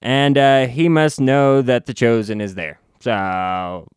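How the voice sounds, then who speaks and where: A man talks through a comic book plot in a casual, unhurried way, stumbling and restarting as he goes. His voice is smooth and clear, recorded close and dry. He drops sarcastic asides along the way. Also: medium pitch, fairly even intonation, no echo. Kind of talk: casual recap.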